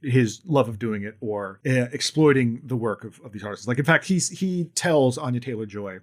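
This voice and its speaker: A man co-hosting a podcast walks through a movie's plot in loose, profane conversation. He retells it with energy and slips into the characters' lines. His voice sits in an ordinary middle pitch. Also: moderate pace, hardly any pauses. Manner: animated retelling with lots of swearing and acted-out quotes. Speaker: podcast co-host. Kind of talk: casual film discussion.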